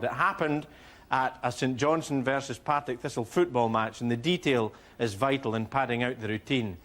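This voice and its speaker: A Scottish man doing a stand-up routine in a TV studio, telling a story dryly. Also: medium pitch. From Scotland. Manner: dry storytelling, builds to a shouted punchline. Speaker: comedian. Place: TV studio with a live audience. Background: audience laughter.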